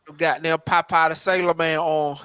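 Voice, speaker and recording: A man's voice: fairly high pitch, little pitch movement, moderate pace, pushed and bright, clear, resonant tone. A man hosting a podcast in casual, profane, laughing banter. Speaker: podcast host. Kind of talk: casual chat.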